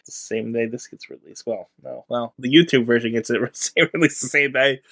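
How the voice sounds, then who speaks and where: A man's voice: medium pitch, moderate pace, gravelly, a bit bright. A man co-hosting a podcast in casual chat, laid-back and matter-of-fact. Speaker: podcast co-host.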